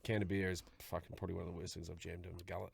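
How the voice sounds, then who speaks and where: A man co-hosting a podcast, laughing often and telling crude yarns in relaxed banter. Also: low voice, rapid-fire, gravelly, breathy edge, no echo. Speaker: podcast co-host. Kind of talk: casual podcast chat.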